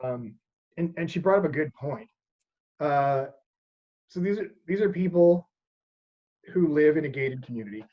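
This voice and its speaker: A man in his thirties hosting a casual podcast, telling anecdotes, laughing often and acting out quotes loudly. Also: a little high, animated, normal speed, pauses often. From Canada. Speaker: podcast host. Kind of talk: casual chat. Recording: muffled lo-fi audio.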